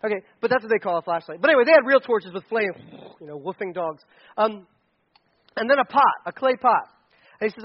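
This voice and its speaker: A man preaching a sermon, telling a story in a lively, animated way and acting out the quotes. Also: high-pitched, brisk, lo-fi sound. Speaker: pastor.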